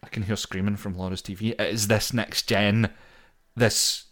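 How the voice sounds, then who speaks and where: A man's voice: on the low side, little pitch movement, normal speed, fairly bright tone. A man co-hosting a casual video game podcast, rambling loosely and swearing now and then. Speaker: podcast co-host.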